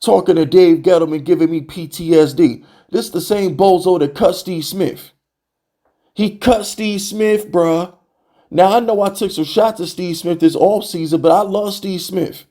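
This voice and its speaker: Young male fan-channel host, slightly high, mellow voice, heated exasperated rant. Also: normal speed. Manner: animated, exasperated, repeats "bro" and rhetorical questions.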